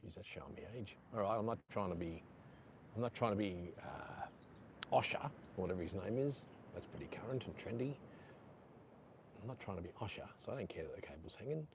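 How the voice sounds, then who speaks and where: A man's voice: sits low, animated, brisk, background noise. A middle-aged Australian man chatting casually on a live stream, reading out viewer comments, with a lapel mic clipped to his chest. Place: outdoors on a beach.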